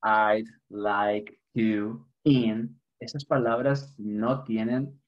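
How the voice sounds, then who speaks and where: A Spanish man, a native speaker with a Spanish accent, teaches an online English class in a lowish, fairly flat voice, speaking slowly with the highs cut off. He switches between English and Spanish, chuckling often and keeping the humor light.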